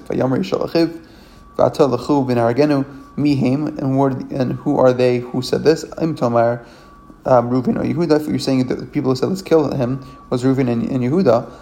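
A man with a gravelly, dark-toned voice teaches a religious text. He reads each verse aloud, then translates it phrase by phrase. His delivery is halting, with frequent fillers and self-corrections. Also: medium pitch. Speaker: Torah teacher.

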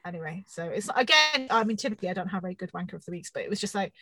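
A woman in her thirties telling a funny story on a podcast, animated and self-mocking, swearing often. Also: mid-range voice, racing, no room sound, rough recording. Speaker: podcast co-host. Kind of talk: casual storytelling chat.

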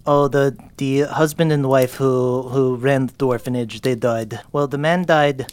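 A man voicing a hungry, tough teenage girl dwarf orphan who talks haltingly. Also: mid-range voice, fairly even intonation, a little mellow, pitched below the performer's own voice, close to an everyday voice. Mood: weary. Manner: hesitant, halting with fillers.

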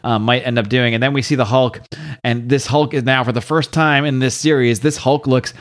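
A man hosting a podcast, recapping a comic book in a casual, animated way and slowing down for dramatic quotes. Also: medium pitch. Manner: animated, reads out quotes with slow dramatic emphasis. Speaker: podcast host.

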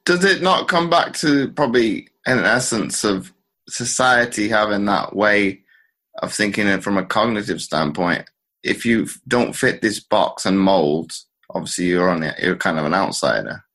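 A man hosting a podcast interview, asking probing questions in a hesitant, slowly built way. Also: on the low side, animated, pushed and bright. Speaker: podcast host.

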